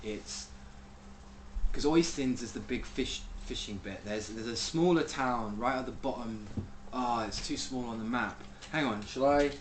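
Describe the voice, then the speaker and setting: A man chatting casually on a podcast, a lively storyteller who swears freely and often restarts his sentences. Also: mid-range voice, measured pace, background noise. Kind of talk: casual chat.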